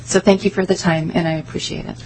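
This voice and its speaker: A woman representing an advocacy group, giving earnest, measured testimony to a legislative committee. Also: lowish voice, steady tone, darkish tone, slight background noise, low-quality recording.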